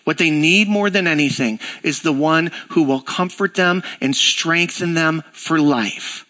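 Bright-voiced man preaching a conversational sermon. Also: a little high, unhurried. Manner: conversational, animated storytelling with acted-out dialogue. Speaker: pastor. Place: church.

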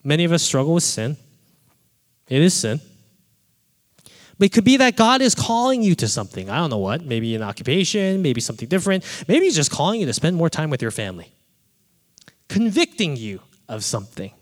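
A man preaching a sermon, telling a personal story with animated delivery and acting out his own quoted thoughts. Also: fairly high pitch, a little fast, pauses often. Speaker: pastor. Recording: reverberant hall.

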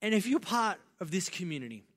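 A man preaching a sermon as pastor, passionate and building to loud, emphatic delivery. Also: high voice, big pitch swings, fast. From Australia. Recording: long reverb of a large hall.

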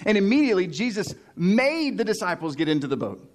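A male pastor with a noticeably high-pitched voice delivers a sermon. He tells the story with animated energy, acting out characters. He chuckles often and repeats lines for emphasis. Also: fast.

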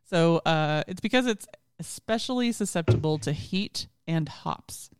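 A co-host on a podcast, reading out facts about brewing and breaking into giggles along the way. The voice sits in the middle of the range, smooth and resonant. The sound is dry and close, with no room around it. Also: medium pitch, lively intonation, unhurried, dry recording, faint music behind. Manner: giggly, explains facts between bursts of laughter. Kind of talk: casual podcast chat.

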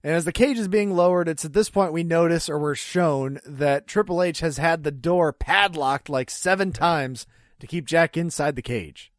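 Relaxed man with a slightly high voice. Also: dry recording, studio quality. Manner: relaxed, reads out match details, quick laughs. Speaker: podcast co-host. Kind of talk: casual wrestling review chat.

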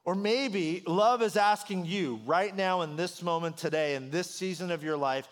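A high-pitched man in his thirties delivers a sermon as a pastor. He talks conversationally and tells stories with rising, animated emphasis. His voice sits well above most men's. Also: moderate pace.

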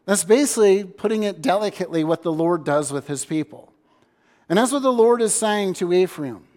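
A man's voice: high-pitched, expressive, a little fast. A male pastor preaching a sermon in a church sanctuary, earnest and stumbling into restarts. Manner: earnest, repeats words as he restarts, shifts loudness for emphasis. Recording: long hall reverb.

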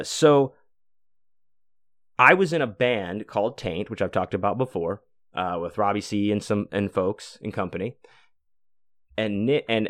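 A man's voice: lowish voice, no room sound, clean studio sound. A man in his forties hosting a podcast, telling a long, rambling story in casual talk, full of fillers and cursing. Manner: rambling, profane, many fillers. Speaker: podcast host.

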